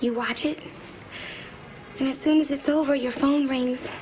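An actress playing a brash, prank-loving young woman with a loud, sassy voice in a comedy film. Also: sits high, fairly even intonation, measured pace, slight background noise. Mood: confiding. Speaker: film character Brenda.

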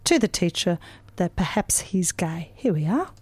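A woman co-hosting a casual chat, relaxed and a little hesitant as she explains. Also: fairly low pitch, normal speed, slightly rough, no echo. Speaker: radio show co-host.

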